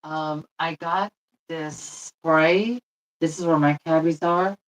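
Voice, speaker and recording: A woman's voice: low-pitched, steady tone, slow, rough recording. A woman hosting a doll channel, chatting casually while she demonstrates.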